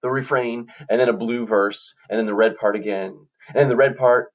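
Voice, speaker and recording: A man's voice: medium pitch, steady tone, fairly quick, highs cut off. A man teaching a classroom music lesson, coaching students in an upbeat way and singing short examples for them to copy.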